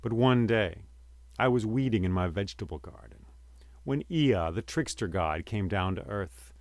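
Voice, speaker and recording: A male storyteller gives voice to an immortal old man who outlived the great flood. He speaks low and solemnly, in a slow storytelling cadence. The sound is dry and close. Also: lively intonation, no room sound.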